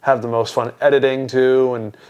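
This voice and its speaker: A man's voice: medium pitch, flat delivery, normal speed, a little mellow, clean tone, muffled recording. Give me a young man telling a laughing story on a podcast. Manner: laughing storyteller, mimics voices in his anecdotes. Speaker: podcast co-host. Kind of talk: casual chat.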